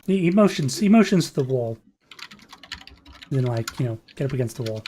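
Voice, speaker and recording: A man's voice: mid-range voice, lively intonation, dark tone, a little hiss or hum. A man narrating as game master of a tabletop game, hesitant, with frequent fillers and restarts. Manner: halting, filler-heavy, restarts sentences.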